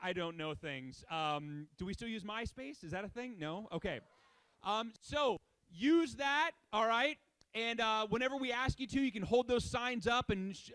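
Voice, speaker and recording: High-voiced man pumping up a crowd. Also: clean tone, dry recording. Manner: energetic, shouting commands to a crowd. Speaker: crowd warm-up host. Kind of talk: event crowd warm-up.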